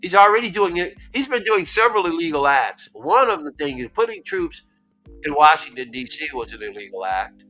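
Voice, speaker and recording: An American man hosting a stream, talking in a casual, animated way that keeps repeating words. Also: on the high side, a little fast, soft background music. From United States. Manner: animated, excitable, repeats words, laughs often. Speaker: stream host. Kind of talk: casual chat.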